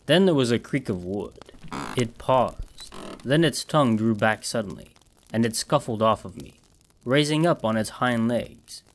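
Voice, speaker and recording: Measured male horror narrator. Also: mid-range voice, lively intonation. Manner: measured, dramatic storytelling. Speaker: audiobook narrator.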